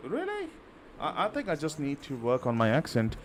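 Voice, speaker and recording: A man's voice: medium pitch, animated, fairly quick, slight background noise. A man from India with an Indian accent, chatting casually and rambling with many fillers while livestreaming a game. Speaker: livestreaming gamer. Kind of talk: casual live-stream chat.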